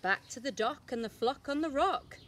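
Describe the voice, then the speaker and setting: A woman infant school teacher reading a rhyming picture book aloud to young children, slow, sing-song and expressive, leaning into the rhymes. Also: sits high, a little hiss or hum.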